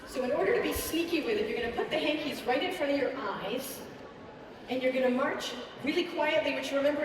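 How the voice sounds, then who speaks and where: A woman hosting a children's concert, teaching young listeners in a lively, encouraging way, speaking in a large auditorium. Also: high-pitched, noisy background. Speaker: pianist and children's concert host. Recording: echoey hall from far off.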